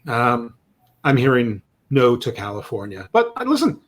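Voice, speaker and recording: A man's voice: mid-range voice, wildly swooping pitch, moderate pace. A man co-hosting a casual sports podcast, rambling with stammered restarts and self-deprecating jokes. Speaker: podcast co-host.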